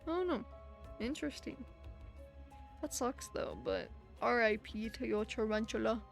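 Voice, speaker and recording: A woman's voice: fairly high pitch, normal speed, gravelly, faint music behind. A young woman streaming live, chatting casually with her chat in a sympathetic, filler-heavy way, a little tired and out of breath. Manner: chatty, sympathetic, frequent fillers and soft laughs.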